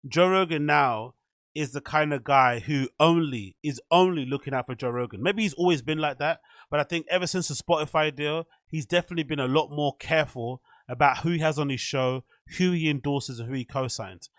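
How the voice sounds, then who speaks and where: Chatty male host, slightly high voice. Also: brisk, a bit bright, no room sound. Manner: chatty, opinionated, meandering. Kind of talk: casual commentary.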